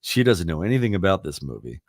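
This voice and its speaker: A man's voice: sits low, big pitch swings, fast talker, no echo, clean studio sound. A man in his fifties hosting a radio show, chatting casually and telling rambling stories with easy laughs. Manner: rambling storyteller, laughs easily, self-deprecating. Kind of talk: casual chat.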